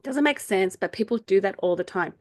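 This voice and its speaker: A woman's voice: lively intonation, fairly quick, a little mellow. A middle-aged woman teaches her group over a video call in a loose, conversational way. She laughs easily and lifts her voice when she acts out quoted people. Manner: chatty, laughs often, acts out quoted voices in a higher pitch. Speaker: faith group meeting leader. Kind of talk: casual teaching talk.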